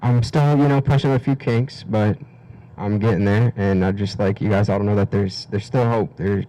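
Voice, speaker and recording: Teen guy, low and mellow, halting testimony, emotional and near tears. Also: fairly even intonation, poor audio. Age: teens. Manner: halting, many fillers and restarts. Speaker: guest speaker. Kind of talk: personal testimony at a community event.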